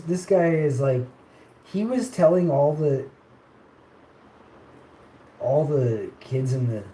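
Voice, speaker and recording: A man's voice: on the high side, dark tone. Rambling man telling stories, echoey room. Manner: rambling, laughs often, quotes people in raised voice. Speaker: live streamer. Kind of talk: casual storytelling. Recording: echoey room with faint ambient noise.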